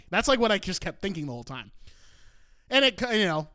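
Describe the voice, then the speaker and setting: A man in his twenties telling a profane comic story on a podcast, animated and prone to shouting out his own outbursts. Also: high-pitched, fast talker, dry recording, studio quality.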